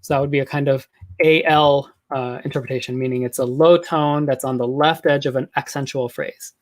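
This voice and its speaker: A man giving a measured, explanatory academic lecture, pausing often with ums and uhs. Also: medium pitch, fairly even intonation. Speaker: linguistics lecturer.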